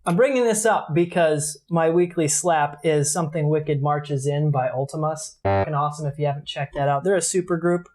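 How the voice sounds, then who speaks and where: A man's voice: a little high, normal speed, few pauses, a little mellow. A man co-hosting a casual podcast, talking in a loose way, swearing and restarting his sentences. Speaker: podcast co-host. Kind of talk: casual chat.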